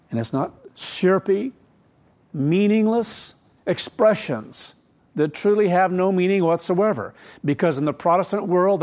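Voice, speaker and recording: A man's voice: sits high, a little mellow. A middle-aged man preaching a sermon in a conversational way, asking rhetorical questions and adding asides. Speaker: pastor.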